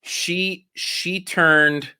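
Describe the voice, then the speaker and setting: A man in his thirties, a comedian guest chatting casually and excitably, swearing and joking about his kids. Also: sits high, very slow, clear, resonant tone. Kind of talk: casual podcast chat.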